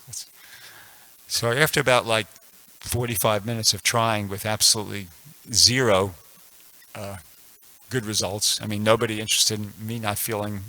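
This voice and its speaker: A man in his sixties speaks at a temple class, his voice bright and forceful, sitting a little low. He talks loosely, doubling back over his words and filling pauses as he tells a story. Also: poor audio. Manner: rambling, frequent restarts and fillers. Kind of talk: casual spoken scripture class with personal story.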